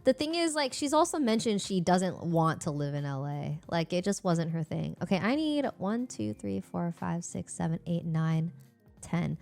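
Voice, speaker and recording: A young woman streamer chatting casually, animated and expressive, laughing and swearing freely. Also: fairly low pitch, normal speed, gravelly. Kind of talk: casual live-stream chat.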